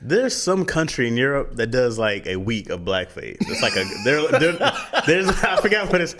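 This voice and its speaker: A man's voice: medium pitch, big pitch swings, moderate pace, fairly bright tone. A man hosting a podcast, chatting casually, joking and laughing often. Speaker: podcast host. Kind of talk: casual chat.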